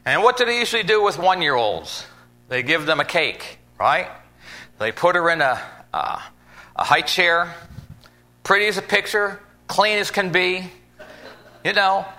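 A man's voice: a little high, pushed and bright. A man preaching an informal sermon in a folksy, conversational way, acting out little scenes as he goes.

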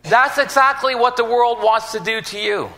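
A man's voice: extremely high pitch, steady tone, moderate pace, pushed and bright. A man preaching an informal sermon in a folksy, conversational way, acting out little scenes as he goes.

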